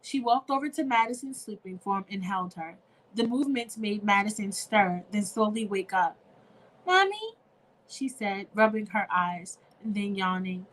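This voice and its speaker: A woman's voice: mid-range voice, steady tone, moderate pace, rough recording. A young woman hosting an online show, reading a fan-fiction story aloud in a chatty, casual way and addressing listeners directly. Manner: chatty, talks to listeners as "y'all".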